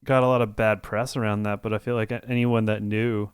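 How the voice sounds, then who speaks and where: A man's voice: fairly low pitch, level tone, a little fast, clear, resonant tone, dry recording. A man co-hosting a podcast, chatting casually and rambling through his stories with lots of "like" and restarts. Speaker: podcast co-host. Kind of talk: casual chat.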